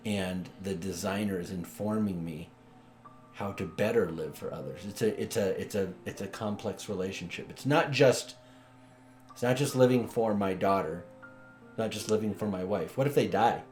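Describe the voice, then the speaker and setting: A man co-hosting a casual conversation, reflective and quick with dry jokes. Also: low-pitched, a little mellow, faint music behind. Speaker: co-host.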